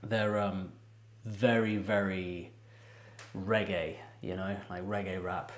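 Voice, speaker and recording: A man with a lowish voice hosts a music reaction video and talks loosely, laughing often and circling back with ums and restarts. His voice carries the echo of a bare room. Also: flat delivery, slow pace. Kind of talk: casual reaction commentary.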